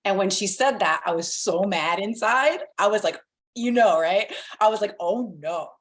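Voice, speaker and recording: A woman's voice: mid-range voice, moderate pace, a bit bright. A young woman chatting casually as a podcast guest, often saying "like" and acting out her own thoughts.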